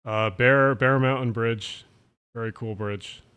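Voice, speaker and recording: A man's voice: mid-range voice, fairly even intonation, takes it slowly, a bit bright, clean tone. A man with a Jersey and Philly area accent, talking in a loose late-night stream. He rambles, runs words together and swears casually as he thinks aloud. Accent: New Jersey/Philadelphia.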